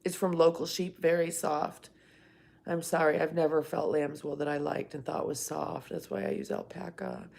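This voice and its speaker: A woman's voice: low-pitched, steady tone, moderate pace, creaky, a little mellow. Chatty middle-aged woman on a livestream. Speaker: livestream host. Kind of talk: casual live-stream chat, reading viewer comments.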